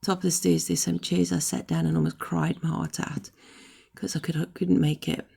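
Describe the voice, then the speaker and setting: A middle-aged woman recovering from illness, talking casually to camera, hoarse and short of breath, rambling and apologetic. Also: low-pitched, little pitch movement, moderate pace, warm tone. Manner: rambling, apologetic, frequent ums.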